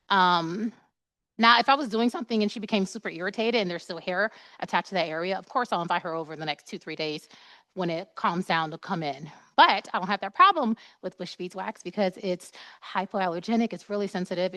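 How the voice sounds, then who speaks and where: A woman's voice: medium pitch, fairly bright tone, no room sound. A woman esthetician in her thirties giving a chatty, playful live waxing demonstration, acting out quoted dialogue as she works.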